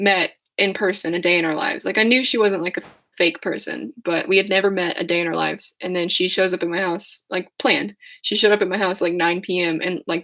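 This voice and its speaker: Hoarse, giggly young woman livestreaming. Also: on the low side, fairly bright tone. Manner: rambling, giggly, self-deprecating. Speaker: livestream host. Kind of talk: casual livestream chat.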